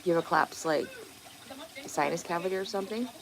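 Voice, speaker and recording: A woman's voice: lowish voice, fast talker, creaky. A woman hosting a casual livestream outdoors by a pond, rambling, swearing now and then and answering viewer comments aloud. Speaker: livestream host. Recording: outdoor noise in background.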